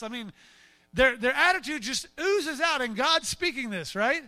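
A male pastor preaching a sermon in an animated way, often acting out quotes in different voices. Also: very high voice, a little fast, dry recording.

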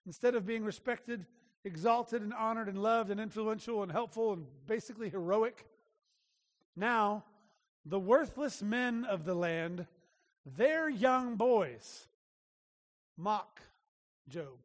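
High-voiced pastor preaching in a reverberant hall. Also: male voice, slow pace, long pauses. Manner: earnest and emphatic, with frequent restarts. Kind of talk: sermon. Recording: long reverb of a large hall.

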